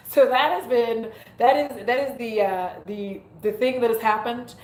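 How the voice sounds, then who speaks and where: A woman's voice: a little high, moderate pace, few pauses, a little hiss or hum. Giggly, swearing woman in a roomy space. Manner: giggly, self-mocking, swears freely, goofs on words. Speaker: beauty YouTuber hosting a livestream. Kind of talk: casual livestream chat. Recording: roomy echo.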